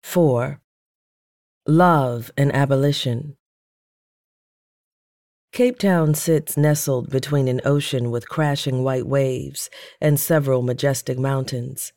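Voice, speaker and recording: A man narrating a memoir audiobook in a measured, earnest reading style. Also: mid-range voice, fairly even intonation, darkish tone, no room sound, clean studio sound. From United States.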